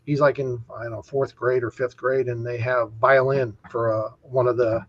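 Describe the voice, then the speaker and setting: A man's voice: medium pitch, level tone, normal speed, muffled recording. A man who works as an equipment manager, telling rambling anecdotes on a talk show, with many restarts. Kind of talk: casual storytelling chat.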